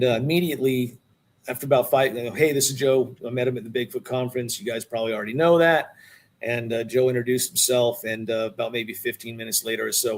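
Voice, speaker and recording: A middle-aged man talking as a podcast guest, spinning a long story in a loose, animated way at an ordinary pitch. He drops in a "dude" here and there and keeps it conversational rather than polished. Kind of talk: casual storytelling.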